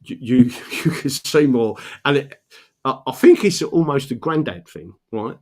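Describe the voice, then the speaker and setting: A man's voice: medium pitch, animated, measured pace, a little mellow. An older man, chatting casually and telling stories in a rambling way, swearing often and checking in with "right?". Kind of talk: casual storytelling chat.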